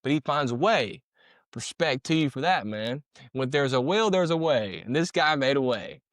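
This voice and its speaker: A man's voice: medium pitch, big pitch swings, normal speed, no echo, studio quality. A man giving casual, slangy commentary on a video, repeating himself and punching in sound-effect words. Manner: slangy, conversational. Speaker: commentator breaking down police footage.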